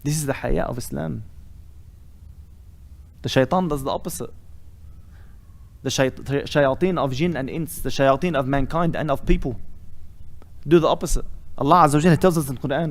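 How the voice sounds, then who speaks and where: A man's voice: medium pitch, normal speed, gravelly, long pauses. A man delivering an impassioned sermon as a sheikh, building to emphatic rhetorical questions and reciting Arabic phrases. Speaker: sheikh giving a weekly lesson.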